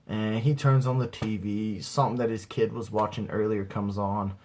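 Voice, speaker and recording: With a lowish, darkish voice, fairly even intonation and a moderate pace, this young amateur comedian tells a rambling comic story about his own life. He keeps dropping "dude" into nearly every line of the stand-up bit.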